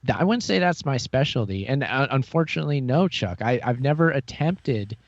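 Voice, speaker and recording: A man hosting a podcast in casual chat, hesitant, with fillers and quiet laughs. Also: medium pitch, animated, a little fast, gravelly, dry recording, highs cut off. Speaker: podcast host.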